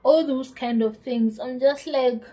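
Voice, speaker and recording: A woman's voice: sits high, measured pace, low-quality recording. A South African woman in her twenties, telling her pregnancy story casually to camera, acting out the conversations she retells. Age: 20s. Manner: animated retelling with quoted dialogue and laughter. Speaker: YouTuber.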